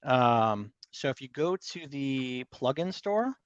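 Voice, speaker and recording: A man's voice: medium pitch, lively intonation, slow pace, clean tone, dry recording, dull audio. A man co-hosting a casual livestream, joking around and reading viewer comments aloud. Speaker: livestream co-host.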